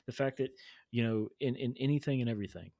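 A man hosting a podcast, talking in a reflective, earnest way with halting restarts. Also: mid-range voice, dark tone, no room sound, studio quality. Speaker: podcast host. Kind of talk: casual interview chat.

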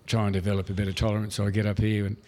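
A man's voice: on the low side, monotone, rapid-fire, darkish tone, slight background noise. A man with an Australian accent telling a rambling story as a podcast guest, with lots of fillers. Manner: rambling yarn-teller, drawling with fillers. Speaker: guest, retired military officer. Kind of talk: casual storytelling.

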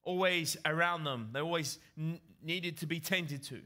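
A man's voice: on the high side, moderate pace, pushed and bright. A man preaching a sermon to his congregation, emphatic and repeating key phrases for effect.

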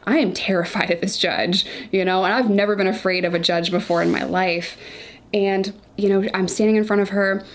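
A woman's voice: medium pitch, fairly even intonation, fairly quick. A woman in her thirties, a guest telling her own story candidly and vividly in an interview. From Chicago suburbs. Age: 30s. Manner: candid, vivid retelling with quoted thoughts.

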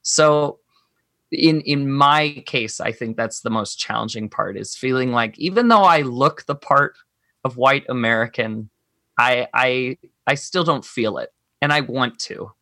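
A man's voice: medium pitch, unhurried, sharp tone, no room sound. A man speaking as a podcast guest, reflective and earnest, thinking aloud through personal experiences in casual conversation.

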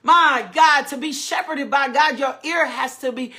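Woman, preacher, high voice, fervent, repetitive sermon cadence. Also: unhurried, pushed and bright.

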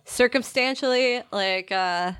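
A woman's voice: a little high, slow pace, a bit bright, clear, resonant tone, no room sound. A young woman hosting a podcast in a casual chat, talking in a hesitant, friendly way with many fillers, recorded on a studio microphone. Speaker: podcast host.

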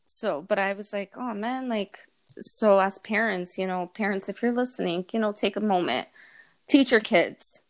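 A woman hosts a casual podcast chat, telling lively stories and slipping into quoted voices. Her voice sits mid-range and sounds close and dry, with no room around it. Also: mid-range voice, normal speed, dry recording. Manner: animated storyteller, acts out dialogue with her son. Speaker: podcast host.

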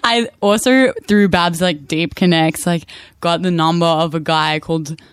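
Rambling radio co-host, dry sound. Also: male voice, a little high, steady tone, unhurried, fairly bright tone, smooth, no echo. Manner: rambling, laughing storyteller with many fillers. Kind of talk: casual radio chat.

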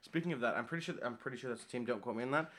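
A man co-hosting a podcast in casual chat, easygoing and quick to laugh. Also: medium pitch, a bit bright. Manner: easygoing, laughs often while talking. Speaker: podcast co-host.

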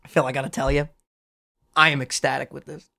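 A young man co-hosting a casual podcast, loud, profane and hyped. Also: mid-range voice, flat delivery, brisk, creaky. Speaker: podcast co-host.

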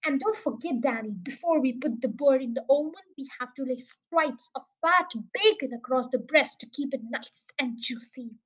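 Woman reader as a boastful, overjoyed father; grand, exuberant delivery, high-pitched. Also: fairly bright tone, poor audio. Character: jubilant grown man, a boy's proud father.

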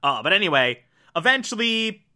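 A man's voice: sits high, big pitch swings, moderate pace, pushed and bright. A man casually recapping an anime, rambling with laughs and acting out the characters' lines.

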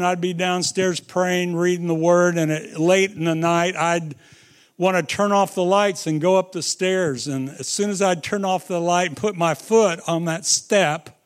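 A middle-aged man preaching a sermon, telling stories with dramatic swings between loud and hushed delivery. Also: high voice.

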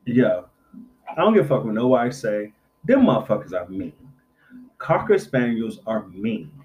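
A middle-aged man in casual chat, telling profane, animated stories and acting out quotes. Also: medium pitch, normal speed. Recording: dull lo-fi recording.

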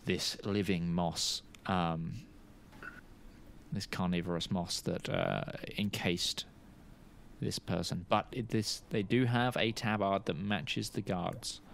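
A man narrating as game master of a tabletop game, pausing often and searching for words. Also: low-pitched, steady tone, gravelly, a bit bright, a little hiss or hum. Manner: halting, searching for words with many fillers.

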